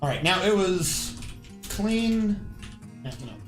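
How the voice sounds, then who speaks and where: A man's voice: high-pitched, lively intonation, slow, echoey room, faint music behind. A man streaming a game, chatting casually and rambling as he plays and answers his chat. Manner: rambling, chatty, reacts aloud and talks to chat. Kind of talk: casual live-stream commentary.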